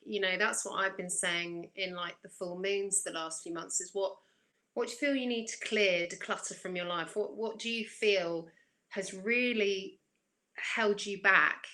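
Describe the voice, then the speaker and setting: A woman's voice: medium pitch, fairly even intonation, a little slow, sharp tone, rough recording. A woman working as an intuitive coach, talking reflectively on a spiritual chat show and posing questions to listeners. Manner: reflective, asks questions back. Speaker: intuitive coach and guest reader. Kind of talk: casual chat.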